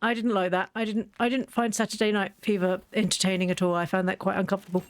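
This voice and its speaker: A woman's voice: medium pitch, level tone, fast talker, dry recording. A woman chatting casually while she plays a video game, rambling and often restarting her sentences. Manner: chatty, rambling, self-interrupting. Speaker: gaming channel host. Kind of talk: casual let's-play commentary.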